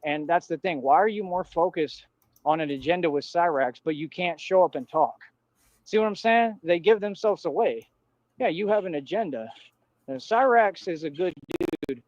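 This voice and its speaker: A man's voice: a little high, lively intonation, normal speed, no echo, muffled recording. A man delivering a defiant, repetitive livestream rant in casual street slang. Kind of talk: ranting livestream monologue.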